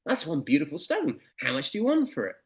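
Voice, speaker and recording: A man's voice: on the high side, wildly swooping pitch, fast. A man voicing an admiring stone dealer and a professor in a spoken story. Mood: impressed. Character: impressed older male stone dealer.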